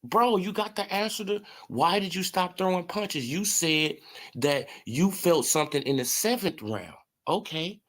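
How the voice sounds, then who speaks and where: Man, boxing commentary host, casual stream, raised pitch, mocking, profane, laughs a lot. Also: lively intonation, a little slow, fairly bright tone. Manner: mocking, profane, laughs often, replies to chat. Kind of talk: casual livestream sports commentary.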